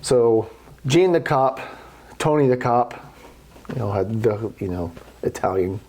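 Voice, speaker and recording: Middle-aged guy, mid-pitched voice, casual and salty yarn-spinner. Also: measured pace. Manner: profane, animated storyteller. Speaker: golf podcast guest telling stories. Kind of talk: casual storytelling.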